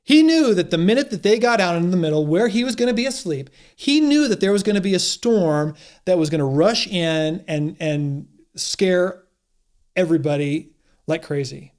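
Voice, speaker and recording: A man's voice: high voice, lively intonation, moderate pace, darkish tone. A man preaching a sermon in an earnest, encouraging way, often restarting his phrases. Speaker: pastor.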